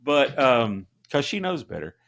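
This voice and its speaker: A middle-aged man co-hosting a podcast in an easygoing, rambling way, piling his stories with fillers and restarts. His voice sits at an ordinary middle pitch for a man. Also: big pitch swings, unhurried, vocal fry, fairly bright tone. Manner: rambling storyteller with many fillers. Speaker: podcast co-host. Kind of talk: casual chat.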